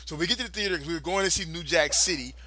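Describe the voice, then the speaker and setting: A man's voice: a little high, rapid-fire, bright, forceful tone. A man, co-hosting a podcast and telling a long profane story with frequent laughter. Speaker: podcast co-host. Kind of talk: casual storytelling chat.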